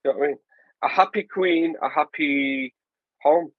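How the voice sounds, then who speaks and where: A man in his forties with a Northern English accent, chatting casually as a podcast host, animated and jokey. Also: fairly high pitch, normal speed, no room sound, phone-quality sound. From England. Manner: animated, jokey, puts on voices. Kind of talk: casual chat.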